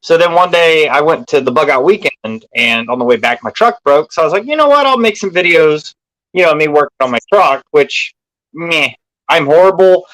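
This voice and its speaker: A man with a slightly higher voice joins a live stream panel as a guest. He chats casually, laughs often and pokes fun at himself. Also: lively intonation, normal speed, a bit bright, low-quality recording. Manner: self-deprecating, chuckles often. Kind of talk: casual chat.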